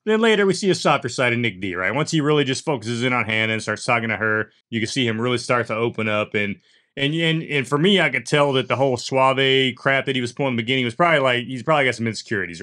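Fast-talking blunt man. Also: mid-range voice. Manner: blunt, swears freely, animated. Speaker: podcast co-host. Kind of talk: casual chat.

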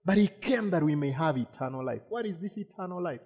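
Pastor preaching in a reverberant hall. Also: male voice, on the high side, lively intonation, brisk, darkish tone, breathy edge. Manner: repeats words, asks the congregation questions. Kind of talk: sermon.

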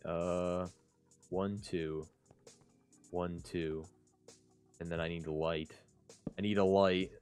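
A man's voice: sits low, flat delivery, slow, pauses often, a little mellow, faint music behind. A man streaming a game, rambling and mumbling to himself, often trailing off mid-sentence. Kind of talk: casual gameplay commentary.

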